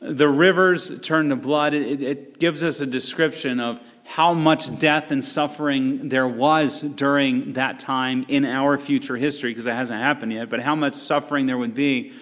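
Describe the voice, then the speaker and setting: A man preaching a sermon, animated and conversational, acting out voices and asides as he teaches. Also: medium pitch, moderate pace, few pauses, long reverb tail. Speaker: pastor.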